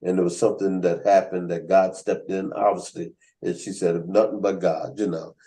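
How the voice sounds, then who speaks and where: A man's voice: deep voice, normal speed, poor audio. A man hosting a writers' workshop on a video call, telling stories and acting out the people he quotes. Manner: animated storyteller acting out quoted voices. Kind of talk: casual storytelling on a video call.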